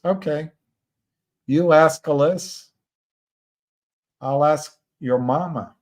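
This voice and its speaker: Slow, halting man livestreaming alone. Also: medium pitch. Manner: slow, halting, with many restarts and fillers. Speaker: livestream host. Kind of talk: casual livestream commentary.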